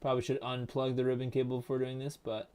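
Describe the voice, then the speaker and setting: A streamer with a mid-range, clear, resonant voice mutters quickly and flatly while soldering. In his casual live-stream commentary he thinks aloud as he works, quiet and offhand, tossing in jokey asides.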